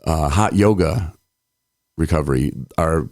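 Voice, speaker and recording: Very low-voiced man in casual podcast chat. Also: unhurried, no room sound, studio quality. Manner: rambling, laughs often, animated quoting. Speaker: podcast co-host.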